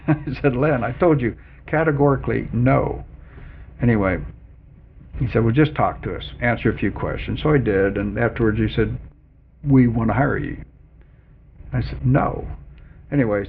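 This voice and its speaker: A man's voice: fairly low pitch, gravelly. An older man being interviewed, telling a long story about his working life and acting out the other people in it. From Canada and Colorado. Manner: animated storyteller who quotes other people in dialogue. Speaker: interviewee, former chief executive. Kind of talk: oral history interview storytelling. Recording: phone-like narrow band with faint noise.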